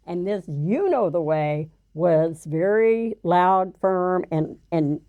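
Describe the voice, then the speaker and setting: An older woman recounting her life in an interview, halting and full of fillers and restarts. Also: fairly low pitch, expressive, no room sound, narrow, tinny audio. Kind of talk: personal storytelling interview.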